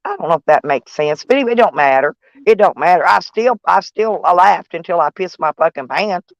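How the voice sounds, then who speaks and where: A vlogger with a lowish, animated voice talks briskly to her viewers from inside her van. Her chat is rambling, folksy, and salty, captured in a dry, dull-sounding recording.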